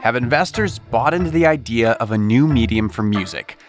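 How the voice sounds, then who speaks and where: A man narrating a pitch show with scripted, punchy announcer delivery. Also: lively intonation, normal speed, soft background music.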